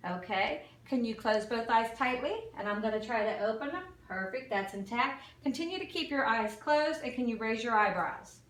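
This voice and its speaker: A woman in a fairly high voice gives steady, step-by-step instructions during a clinical exam. She is heard from across an echoing room, with faint room noise behind her. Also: moderate pace, few pauses. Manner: calm step-by-step instructions with fillers. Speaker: nursing student doing an exam demo. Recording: echoey room from far off.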